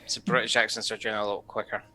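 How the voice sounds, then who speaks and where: A man's voice: fairly low pitch, level tone, very fast, pushed and bright. A man, a tabletop game player, chatting hesitantly with many fillers. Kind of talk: casual chat between game sessions.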